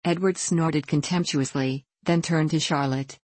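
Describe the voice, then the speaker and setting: A woman narrating a classic storybook in a measured, literary way. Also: low voice, steady tone, darkish tone, no room sound. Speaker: audiobook narrator. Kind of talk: storybook reading.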